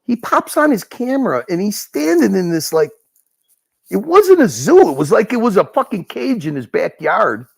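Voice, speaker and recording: Gravelly animated Chicago man. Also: sits high, normal speed. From Chicago North Side. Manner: animated, swears a lot, stumbling restarts. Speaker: livestream regular. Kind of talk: casual profane banter.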